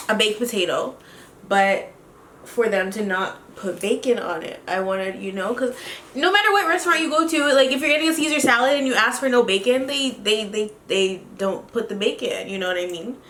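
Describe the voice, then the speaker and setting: A woman vlogger telling a story in a casual, animated, chatty way while doing her makeup, with quick laughs. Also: fairly high pitch, roomy sound, slight background noise. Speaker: beauty vlogger.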